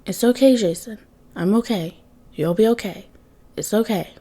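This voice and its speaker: Sex: man, read by a woman. Figure: wounded, gentle father. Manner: weak, soft, near a whisper. Tone: low and mellow. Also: normal speed, husky, natural voice.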